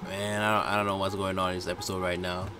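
A man's voice: low voice, level tone, fast, background noise. A man co-hosting a reaction video, chatting casually with slangy asides and frequent laughter.

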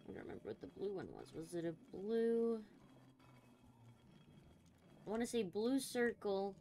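A young woman talks her way through a creepy game with a voice of ordinary pitch. She sounds jumpy and rattled, muttering to herself and swearing as she plays. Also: measured pace, warm tone, slight background noise. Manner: jittery, swearing, talking to herself while scared. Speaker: streamer. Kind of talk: let's play commentary.

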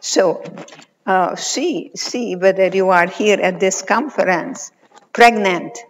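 An eighties-aged psychologist with a mid-range voice gives a motivational keynote in a large conference hall. She tells stories slowly and emphatically, with pauses, and the recording is reverberant and muffled.

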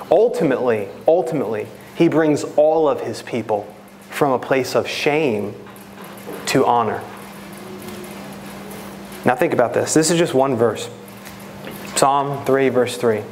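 A man's voice: medium pitch, a little slow, long pauses, a little mellow, a little hiss or hum. A man with a New York accent preaching a sermon as a pastor, earnest and rising to impassioned, prayerful pleading.

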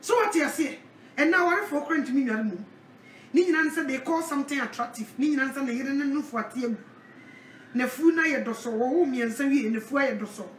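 A woman preaching a sermon, animated, with a repeated call-out refrain. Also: high-pitched, fairly quick, far from the mic, slight background noise. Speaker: evangelist. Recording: echoey, from off the mic.

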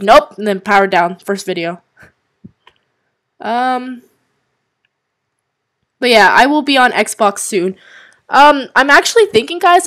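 A young woman commenting casually on a game stream, chatty and jumpy, with lots of "um"s and swearing at the scares. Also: mid-range voice. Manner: chatty, with frequent "um"s, swearing and startled exclamations.

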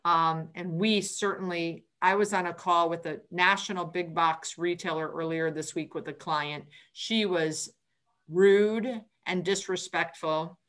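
Woman, bright voice, chatty, book club host on a call. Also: fairly low pitch, fairly even intonation, a little slow. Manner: chatty, retells conversations with restarts. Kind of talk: casual group call discussion.

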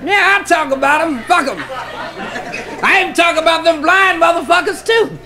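Very high-voiced shouting male comedian. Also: brisk, crowd noise, background noise. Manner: loud, shouting punchlines, profane. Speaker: stand-up comedian. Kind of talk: raunchy stand-up routine.

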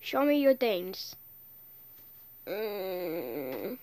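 A woman's voice: medium pitch, sing-song, very slow, a little mellow. A woman voicing squabbling contestants in an amateur cartoon, with a petulant, bickering delivery.

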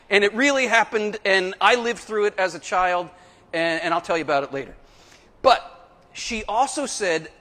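Middle-aged male Catholic speaker, animated storyteller addressing a crowd, echoing hall. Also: sits high. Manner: animated storyteller, playful asides. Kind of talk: live talk to an audience. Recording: long hall reverb.

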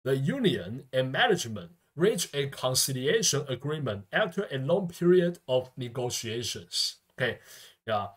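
A man teaches English vocabulary, his being Mandarin. His voice sits at a middle pitch but swings up and down a lot as he explains. He keeps tagging phrases with "okay" and "yeah". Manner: peppers speech with constant "okay" and "yeah" tags. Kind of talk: vocabulary lesson lecture.

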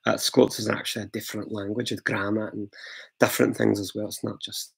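Low gravelly man, chatty live Q&A host. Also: little pitch movement, brisk. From England. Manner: chatty, rambling, frequent fillers and restarts. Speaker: host answering viewer questions. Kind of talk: live Q&A chat.

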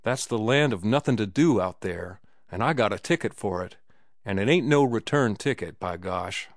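A man voicing a rough, hard-drinking laundryman who talks in loud, slangy working-class outbursts. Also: lowish voice, animated, moderate pace, dry recording, studio quality, lightly acted. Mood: exultant.

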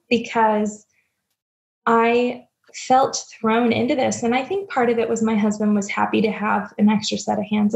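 On the high side with vocal fry and a darkish tone, the voice belongs to a young adult woman guesting on a podcast as the founder of a stepmom platform. In this candid conversation she is sincere and thoughtful, gently self-deprecating about being a stepmom, over dull, lo-fi remote audio.

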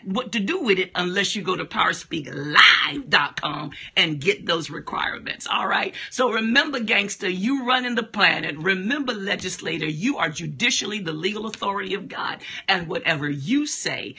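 Emphatic woman preacher, bright and husky. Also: on the low side. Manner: emphatic, exclamatory, repeats phrases. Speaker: preacher and speaking coach. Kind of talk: energetic preaching monologue.

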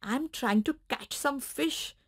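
A woman's voice: high voice, slow, slightly rough, exaggerated voice. A woman voicing a cheerful little female kingfisher bird in a storybook, with a chirpy voice.

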